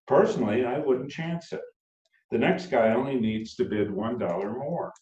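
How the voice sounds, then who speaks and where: A man's voice: mid-range voice, normal speed, a little mellow, lightly acted. A man voicing a folksy, easygoing small-town sheriff. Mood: regretful. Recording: roomy, dull sound from far off.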